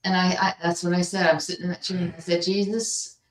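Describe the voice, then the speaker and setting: A woman co-hosting a casual chat, telling stories in an animated, laughing way. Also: on the low side, rapid-fire, echoey room, low-quality recording. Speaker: co-host.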